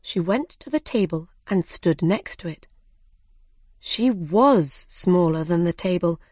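A woman reading a children's story aloud in a simple, measured way. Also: lowish voice, expressive, dark tone, no echo, studio quality. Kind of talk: scripted narration of a children's story.

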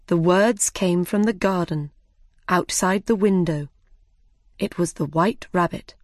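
Lady reading a kids story real slow, bouncy voice, dry sound. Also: fairly low pitch, no room sound. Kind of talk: slow storybook read-aloud.

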